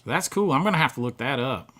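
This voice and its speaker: Bright-voiced chatty middle-aged man. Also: mid-range voice, animated, fast. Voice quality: rambling, restarts, chuckles often. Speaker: live stream host. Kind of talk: casual live chat, reading viewer comments.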